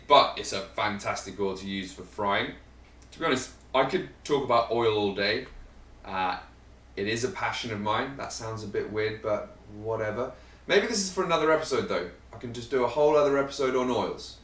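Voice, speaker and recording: A man's voice: mid-range voice, a bit bright. Chatty man in a roomy kitchen. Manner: chatty and rambling, joking about himself. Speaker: vegan cooking channel host. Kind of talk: casual cooking-show explanation to camera. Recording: roomy sound, mic set at a distance.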